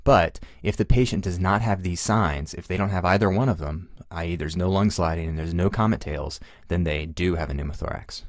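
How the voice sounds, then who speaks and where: Man, podcast host, very low voice, upbeat and chatty, dry close sound. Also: darkish tone, no room sound. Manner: upbeat, self-deprecating, chatty. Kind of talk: casual explanatory podcast narration.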